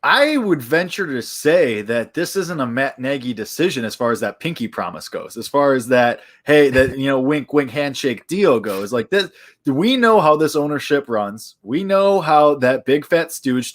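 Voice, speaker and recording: A man's voice: medium pitch, very animated, normal speed, a bit bright. A man co-hosting a podcast in casual chat, with wry, mocking banter. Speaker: podcast co-host.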